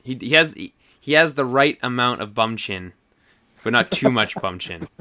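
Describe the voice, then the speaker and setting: Bright-voiced rambling podcast guy. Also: mid-range voice, expressive, normal speed. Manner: rambling, laughs often, trails off mid-sentence. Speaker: podcast co-host. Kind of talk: casual chat.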